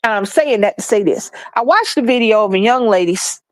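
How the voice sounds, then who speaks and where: A woman's voice: a little high, expressive, a little fast, no echo. A middle-aged woman, ranting bluntly and heatedly with lots of profanity and repetition for emphasis. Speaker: streamer sharing opinions. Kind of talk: passionate ranting monologue.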